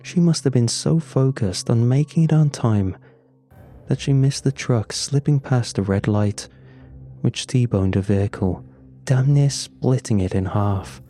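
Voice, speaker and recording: A man narrating a first-person horror story in a slow, somber, scripted telling. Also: mid-range voice, warm tone, soft background music.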